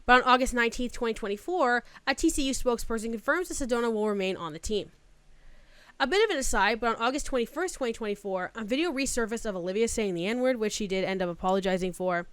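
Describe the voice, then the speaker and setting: A woman's voice: fairly high pitch, animated, fast, a bit bright, clean tone, dry recording. A young woman narrating a scripted commentary video, casual in tone and full of filler words.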